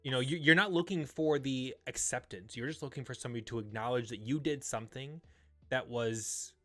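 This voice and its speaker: A man, a podcast co-host, adding a quick, reflective comment in casual chat. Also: mid-range voice, sharp tone, dry recording, soft background music.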